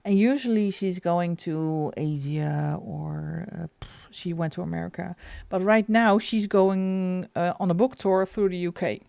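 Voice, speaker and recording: A middle-aged woman from the Netherlands hosts a coloring livestream, rambling chattily as she answers her chat and laughs often. Her low-ish, dark voice carries vocal fry at a measured pace with hardly any pauses, and there's no echo.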